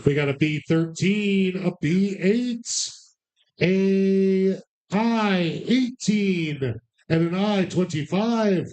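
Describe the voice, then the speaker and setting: A high-pitched, slightly mellow man hosts a live bingo night at a bar, unhurried yet barely pausing. He calls numbers and banters with the crowd in a loose, sarcastic, profane manner.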